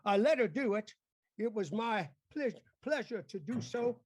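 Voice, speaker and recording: A man whose voice sits high, with lively intonation and a darkish tone, improvises in no hurry as a pompous older senator father, blustering and scolding. The improv actor's mock-Shakespearean performance has no echo.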